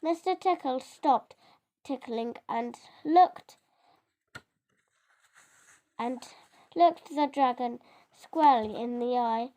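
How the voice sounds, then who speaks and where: A child reading a picture book aloud, halting and often stumbling over words and correcting itself. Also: high-pitched, noisy background. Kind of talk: storybook reading.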